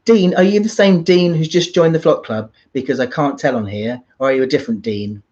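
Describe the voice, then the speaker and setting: A man's voice: mid-range voice, fairly quick, a little mellow. A young man hosting a casual livestream, laughing often and reading out viewer comments. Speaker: livestream host. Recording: dull lo-fi stream audio.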